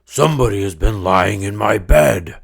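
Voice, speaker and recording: A man voicing a huge father bear with a rough, gruff, loud voice in a storybook read-aloud. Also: animated, moderate pace, exaggerated voice. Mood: gruff indignant. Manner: loud, booming.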